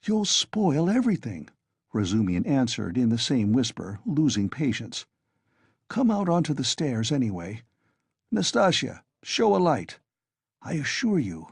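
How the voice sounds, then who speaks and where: A man voicing a loud, tipsy young man who blusters and argues, in a husky voice. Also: medium pitch, dry recording, voice pushed up, full character voice.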